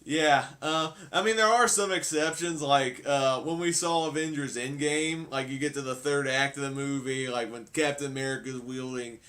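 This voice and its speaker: A man as a guest in a casual movie chat, talking in a relaxed way with many fillers. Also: medium pitch, moderate pace, few pauses. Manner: relaxed, uses lots of "like" and "uh".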